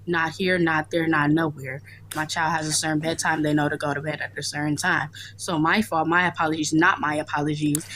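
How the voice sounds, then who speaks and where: A woman's voice: low voice, flat delivery, fairly quick, a bit bright, slight background noise, poor audio. A young adult woman ranting on a casual live stream, blunt, profane and emphatic.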